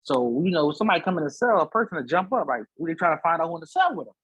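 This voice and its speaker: A man's voice: a little high, sing-song, very fast, a bit bright, slightly rough, no echo, low-quality recording. A man, a podcast guest, telling a story in slangy casual talk, acting out the voices of the people in it. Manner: slangy, repeats "so I'm like", acts out voices. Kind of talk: animated storytelling in casual conversation. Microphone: studio podcast mic.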